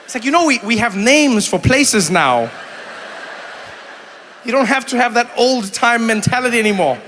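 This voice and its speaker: A middle-aged man from South Africa doing animated stand-up comedy with crowd work, acting out voices as he tells stories. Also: extremely high pitch, moderate pace, a little hiss or hum. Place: large theater stage. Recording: reverberant hall with faint ambience.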